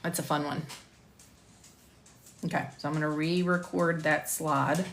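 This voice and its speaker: A middle-aged woman with a light Southern US accent and a lowish voice reads lecture slides in a measured instructor's cadence. Between takes she drifts into casual, self-deprecating chat. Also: steady tone, creaky, a little hiss or hum. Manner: reads slides carefully, then chats with self-deprecating asides and laughter. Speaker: medical coding instructor. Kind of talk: recording a scripted lecture on a live stream.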